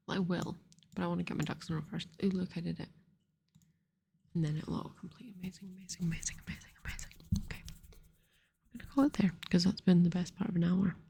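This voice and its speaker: Breathy whispering woman, gravelly and dark. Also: lowish voice. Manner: softly whispered, rambling self-talk. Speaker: ASMR gaming channel host. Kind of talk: soft-spoken ASMR gameplay commentary.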